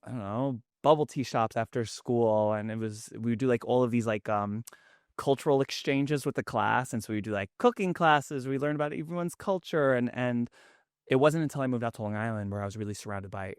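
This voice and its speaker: A man's voice: medium pitch, brisk, smooth, no echo, clean studio sound. A man in his thirties with a New York Queens accent, a cookbook author chatting as a podcast guest in an effusive way. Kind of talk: casual podcast chat.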